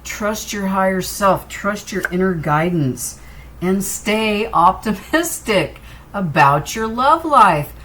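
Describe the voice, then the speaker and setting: A woman's voice: mid-range voice, animated, slow, a bit bright. A woman giving a tarot reading, talking straight to her viewers in an encouraging way. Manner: encouraging, direct address to viewer. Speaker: tarot reader.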